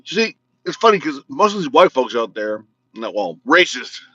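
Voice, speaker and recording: Ranting bluntly and cracking jokes, this Illinois man runs his own casual video talk show, aiming a political tirade at the camera with occasionally slurred, mumbling speech. He speaks at a normal speed in a medium pitch that swings widely, with a sharp tone. There's no echo; the sound is dry, dull and lo-fi.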